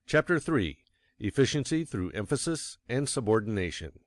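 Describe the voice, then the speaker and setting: A man reading a nonfiction book aloud as an audiobook narrator, measured and stressing key words. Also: medium pitch, sing-song, no room sound. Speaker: audiobook reader. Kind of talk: scripted narration.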